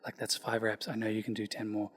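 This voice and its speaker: A man doing a soft whispering coach, whispered role-play. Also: fairly low pitch, completely flat delivery, fast talker, slightly rough, voice pushed down. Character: gentle whispering male coach close in the ear. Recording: long hall reverb.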